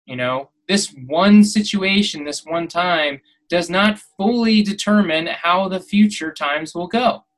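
A man's voice: sits high, a little slow, few pauses, low-quality recording. A man hosting a podcast, delivering a preachy motivational monologue that builds to emphatic, exhorting peaks. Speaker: podcast host.

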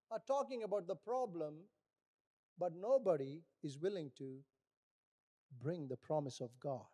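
A middle-aged male pastor preaching a sermon, animated, acting out little voices in his stories. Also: on the high side, unhurried, long pauses.

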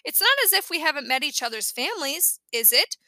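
Airy old grandma in a storybook, bright high voice, dry sound, read by a woman. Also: big pitch swings, a little fast, no room sound, exaggerated voice. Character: old grandmother announcing her wedding, breezy.

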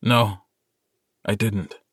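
A man playing a calm young werewolf alpha. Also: lowish voice, drawn-out words, breathy edge, no room sound, studio quality, exaggerated voice. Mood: earnest. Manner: calm, steady, quietly firm.

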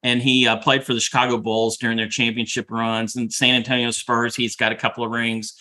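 A man's voice: medium pitch, flat delivery, a little fast, sharp tone. A middle-aged man co-hosting a podcast, chatting casually and repeating himself as he talks. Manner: rambling, repeats words while talking. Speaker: podcast co-host. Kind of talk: casual chat.

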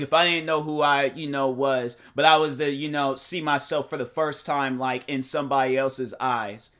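A man hosting his own podcast, talking in a casual motivational monologue, animated and defensive, full of fillers and restarts. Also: fairly high pitch. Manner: defensive, emphatic. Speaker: podcast host and YouTuber. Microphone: desk microphone.

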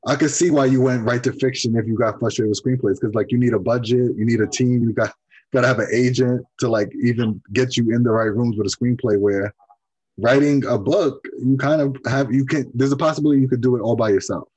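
Husky-voiced man hosting a laid-back interview. He talks in an earnest, encouraging way, with loose phrasing and plenty of "like"s and "you know"s. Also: mid-range voice, brisk, a little mellow, poor audio. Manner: earnest, praising, many fillers. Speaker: podcast host. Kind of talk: casual conversational interview.

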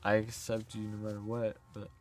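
A man's voice: on the low side, completely flat delivery, fairly quick, a little mellow, faint music behind. A young man co-hosting a podcast in casual chat, laid-back and joking, laughing often. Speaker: podcast co-host.

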